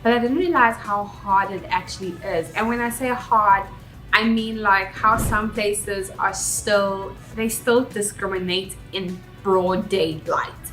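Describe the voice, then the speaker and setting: A woman's voice: mid-range voice, fairly even intonation, measured pace, a bit bright. A young South African woman with a South African accent, talking candidly and reflectively in a chatty vlog. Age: young adult. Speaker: vlogger. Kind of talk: casual vlog talk. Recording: roomy echo, faint background music.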